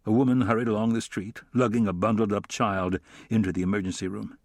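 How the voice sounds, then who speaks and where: A man giving a measured, descriptive audiobook narration. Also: fairly low pitch, steady tone, a little mellow, no echo. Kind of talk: scripted narration.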